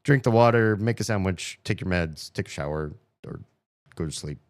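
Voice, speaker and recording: A man's voice: low-pitched, normal speed. A man in his thirties chatting casually on a live stream, rambling and self-mocking, laughing often.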